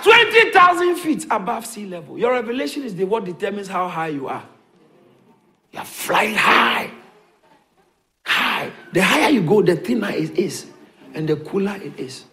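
Male pastor, high and very lively voice, repetitive sermon delivery with chuckles. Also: a little fast. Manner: animated, repetitive preaching, chuckles between points.

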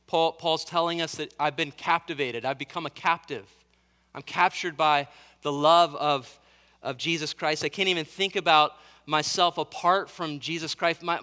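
A man's voice: a little high, sharp tone. Guy preaching a sermon, earnest, keeps repeating phrases for emphasis, big echoey church sound. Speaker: pastor.

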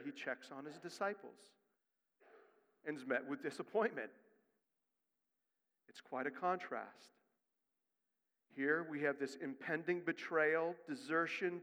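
A male pastor preaching a sermon. He moves from quick, quiet asides to loud, rising emphasis. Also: on the high side. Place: church sanctuary. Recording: long reverb of a church hall.

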